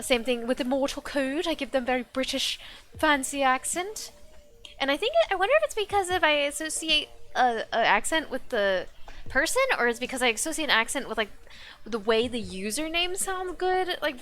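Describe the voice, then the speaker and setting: A woman's voice: high voice, fairly bright tone. A young woman streaming live, chatting casually and rambling with lots of restarts.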